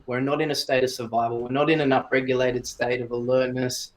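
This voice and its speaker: A man talking as a breathwork coach in a casual podcast interview, calm and explanatory, in short phrases. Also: medium pitch, brisk.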